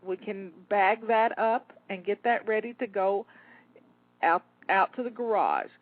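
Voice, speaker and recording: A home organizing coach talks listeners through a timed cleaning session live, rallying and encouraging them and repeating herself as she gets a little out of breath. Her medium-pitched voice is animated and her pace measured. The audio is dry and tinny, like a phone.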